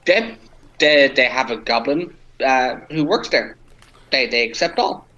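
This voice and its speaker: A man's voice: medium pitch, animated, a little slow, bright, forceful tone, lo-fi sound. Earnest stammering man at a game table. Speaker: player. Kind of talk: in-character tabletop play.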